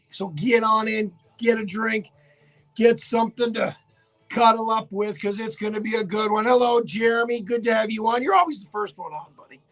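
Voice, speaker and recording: A man with a Newfoundland accent hosting a live radio show, hoarse and raspy from laryngitis, chatting casually and greeting viewers by name. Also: high voice, a bit bright. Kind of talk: casual live-stream chat. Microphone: webcam setup for live video.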